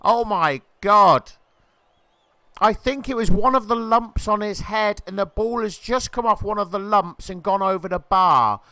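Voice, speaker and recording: Here a man with a high, crisp, smooth voice jokes his way through commentary on a video game football match at normal speed, hardly pausing. He rises to excited shouts at near misses and goals. The sound is close and dry, with no room sound.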